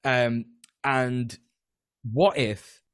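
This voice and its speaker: A British man talks in an easy, sprawling way, stumbling over restarts and throwing in the occasional swear word. His voice sits at an ordinary pitch, and the recording is dry with no room sound. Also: steady tone, extremely slow, clean tone, no room sound. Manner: rambling, many fillers and restarts, swears. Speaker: podcast guest, tenants union organizer. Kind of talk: casual political chat.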